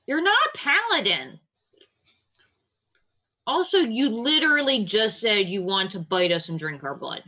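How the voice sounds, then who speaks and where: A woman's voice: mid-range voice, very animated, measured pace, long pauses, pushed and bright, dull audio. A woman playing a tabletop game, teasing the others in a wry way. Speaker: player.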